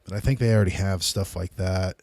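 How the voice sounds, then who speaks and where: A man's voice: deep voice, steady tone, a little fast, darkish tone, dry recording. A man hosting his own podcast, rambling loosely and casually in a solo monologue. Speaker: podcast host.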